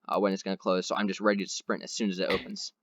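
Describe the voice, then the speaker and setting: A man's voice: low-pitched, little pitch movement, very fast, dry recording. A man hosting a podcast, telling a long rambling anecdote in casual chat with lots of fillers. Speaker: podcast host.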